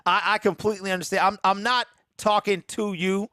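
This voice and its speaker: A man's voice: sits high, steady tone, fairly quick, pushed and bright, clear, resonant tone, no echo. Laid-back male call-in host, dry sound. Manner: loose, repeats himself, says "man" a lot. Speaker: host of a fan call-in show. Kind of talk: casual call-in chat.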